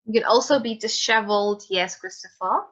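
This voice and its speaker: Bright-voiced woman teaching an online class. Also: mid-range voice, a little fast, muffled recording. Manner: encouraging, calls on students by name. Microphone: video call.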